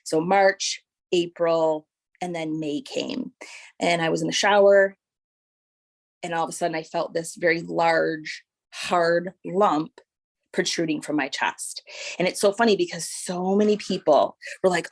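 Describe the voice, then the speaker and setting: A woman with a slightly low, gravelly voice tells her own story as a guest. She talks in lively bursts full of "like" and "right?", and she acts out the voices of the people in it. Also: a little slow. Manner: animated storytelling, acting out quoted voices; frequent fillers like "like" and "right?". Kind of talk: personal testimony.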